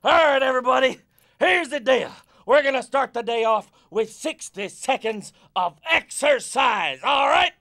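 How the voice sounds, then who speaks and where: Coach Zuff, a gravelly, high-voiced football coach. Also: male voice, lively intonation, unhurried, heavily acted. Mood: rousing. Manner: loud, pushy, jokey coaxing. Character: upbeat male football fitness coach. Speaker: coach leading an exercise break. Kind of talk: scripted video hosting.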